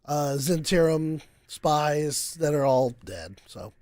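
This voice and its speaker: A man running a tabletop game as game master, narrating haltingly with many restarts. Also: on the high side, expressive, darkish tone, dry recording. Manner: halting, many fillers and restarts, says y'all.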